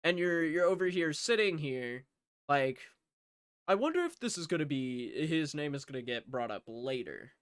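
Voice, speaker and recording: A man's voice: a little high, very animated, normal speed, clear, resonant tone, no room sound, clean studio sound. A man recapping a movie in a casual, rambling way, sarcastic and swearing freely. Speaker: movie reviewer.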